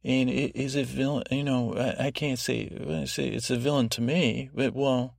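Guy with a gravelly voice rambling on a sleep podcast, dry close sound, lots of restarts. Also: medium pitch, fairly even intonation, normal speed, no echo. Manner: meandering, self-deprecating asides, many restarts. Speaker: podcast host.

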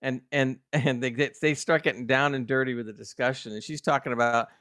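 Excitable man retelling scenes, dry mic. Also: mid-range voice, a little fast, dry recording. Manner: excitable, animated retelling with quoted reactions. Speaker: podcast co-host. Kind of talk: casual TV review chat.

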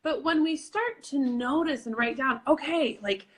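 High, bright-voiced woman explainer. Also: unhurried. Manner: animated, encouraging explainer. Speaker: intuition coach. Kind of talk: casual podcast conversation.

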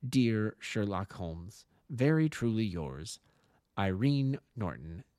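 A man voicing a sly, poised young actress who writes a measured, teasing farewell letter. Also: lowish voice, sing-song, darkish tone, dry recording, clean studio sound.

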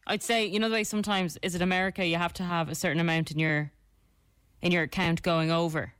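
A woman's voice: fairly low pitch, steady tone, quick pace, a bit bright, no room sound, studio quality. Giggly woman co-hosting radio. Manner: giggly, self-deprecating. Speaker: radio co-host. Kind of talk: casual radio chat. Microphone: studio microphone.

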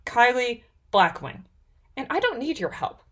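A woman voicing a young dragon in human form, sharp and sarcastic. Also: on the high side, sing-song, brisk, voice pushed up. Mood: defiant. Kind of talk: storybook character voice.

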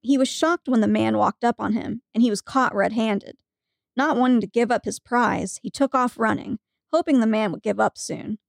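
A woman's voice: fairly high pitch, normal speed, gravelly, no echo, studio quality. A woman co-hosting a podcast, reading a funny story aloud with frequent giggles. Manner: giggly storytelling, breaking into laughter. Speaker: podcast co-host.

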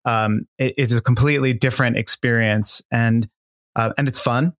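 A man's voice: mid-range voice, steady tone, moderate pace, a bit bright. Chatty man rambling through his thoughts. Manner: rambling and thoughtful, many fillers and restarts. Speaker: guest. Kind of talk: casual interview talk.

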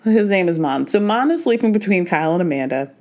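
A woman's voice: on the low side, expressive, fast, darkish tone. A woman hosting a podcast, recapping a reality show in casual, gossipy chat and slipping into quoted voices. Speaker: podcast host.

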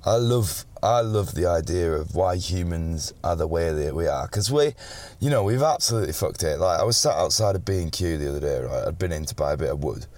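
A man's voice: low-pitched, a little fast, few pauses. A young man, chatting casually as an interview guest, telling stories and swearing freely. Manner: animated storyteller, swears freely, acts out quotes loudly. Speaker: pop singer, guest. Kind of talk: casual chat.

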